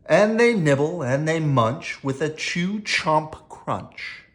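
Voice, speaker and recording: A bedtime storyteller reading a children's picture book aloud, sing-song and hushing softly on the refrains. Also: mid-range voice, expressive, slow.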